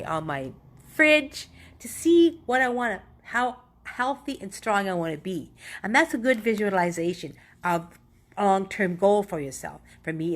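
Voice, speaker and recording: A woman's voice: medium pitch, a bit bright. A middle-aged woman talking casually and earnestly through motivational tips, often rambling and correcting herself. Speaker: motivational vlogger.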